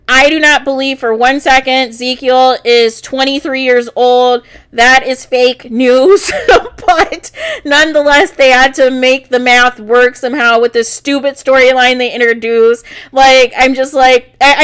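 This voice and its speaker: A woman's voice: sits high, fairly bright tone, smooth. A woman vlogger giving a casual recap of a TV episode in a chatty, exasperated storytelling manner. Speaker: TV reaction vlogger.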